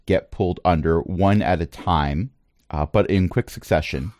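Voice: sits low, darkish tone, no echo, studio quality. A game master narrating the adventure and hosting the stream, with a wry, playful manner.

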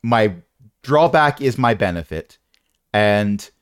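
A man's voice: fairly low pitch, animated, slow, clear, resonant tone, no echo, studio quality. A man narrating as game master in a tabletop game, wry and rambling with playful jokes.

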